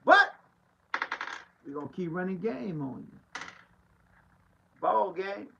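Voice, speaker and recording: A man's voice: sits high, lively intonation, unhurried, vocal fry, lo-fi sound, slight background noise. A man, a pastor preaching a street-style podcast monologue with emphatic, rhetorical repetition. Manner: emphatic and rhetorical, repeats lines and laughs between points.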